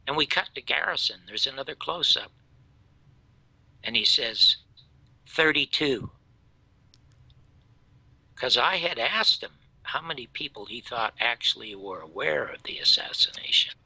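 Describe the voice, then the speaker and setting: Gravelly older man telling stories. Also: medium pitch, moderate pace, no echo, poor audio. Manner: animated, swings from loud outbursts to hushed asides. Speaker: show host telling stories. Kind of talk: storytelling in casual chat.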